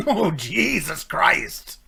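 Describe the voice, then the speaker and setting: A man's voice: high-pitched, sing-song, extremely slow, creaky, bright, forceful tone, slightly rough. A man giving casual reaction commentary to a show, sarcastic and mocking, laughing often. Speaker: reaction video host.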